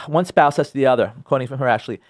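A man's voice: medium pitch, quick pace, no room sound, clean studio sound. A man who works as a marriage counselor, hosting a radio advice talk and driving his points home by repeating phrases. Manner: emphatic, repeats phrases for stress.

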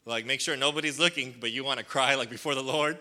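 A man giving a relaxed sermon in a strikingly bright, forceful tone. He talks in loose, rambling sentences full of fillers and checks in with his congregation for agreement. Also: mid-range voice, fast talker. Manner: calls for responses from the congregation. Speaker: pastor. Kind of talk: casual conversational sermon.

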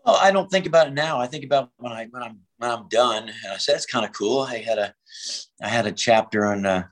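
A man's voice: mid-range voice, a little fast, rough recording. A man in his fifties, a comedian telling road stories in a casual interview, acting out the voices he quotes and swearing freely. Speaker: prop comedian, guest.

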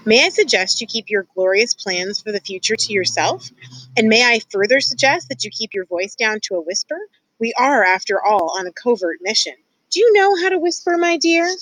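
A woman voicing a sly, scheming male rat who speaks with mock-polite, drawn-out courtesy in a storybook reading. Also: a little high, expressive, a bit bright, low-quality recording. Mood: silky.

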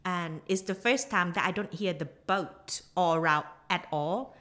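A woman's voice: lowish voice, unhurried, a bit bright. Chatty woman with non-native English. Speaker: guest, silversmith. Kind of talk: casual podcast interview.

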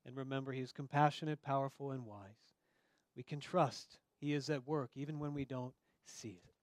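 A man's voice: medium pitch, steady tone, normal speed, dry recording. A man preaching a sermon in a conversational way, speaking straight to his listeners and acting out the voices in the story. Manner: conversational, acts out quoted dialogue. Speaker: pastor.

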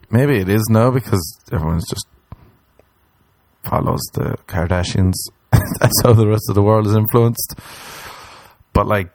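A man from Ireland with an Irish accent, doing a crude comedic monologue that rambles and jumps into silly squeaky voices. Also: a little mellow, no echo.

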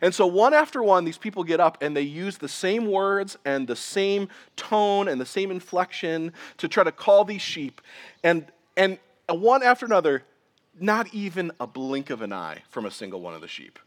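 A man in his thirties preaching a sermon as pastor, earnest, slowing down and dropping quiet for emphasis. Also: sing-song. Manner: earnest preaching, slows for emphasis, drops to quiet low lines.

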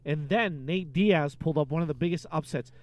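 Animated man joking about sports. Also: on the high side, brisk. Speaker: podcast co-host. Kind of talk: casual sports banter.

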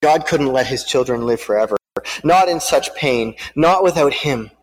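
A man's voice: mid-range voice, expressive, a little hiss or hum. Man preaching in a reverberant hall. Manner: halting, repeats words, then reads aloud. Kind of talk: sermon with storybook reading.

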